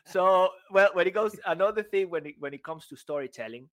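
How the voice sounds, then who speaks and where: A man with a somewhat high voice co-hosts a chat about storytelling. He is lively and jokey, and he often acts out short bits of dialogue to make his points. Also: fast talker. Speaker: podcast co-host. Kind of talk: casual coaching chat.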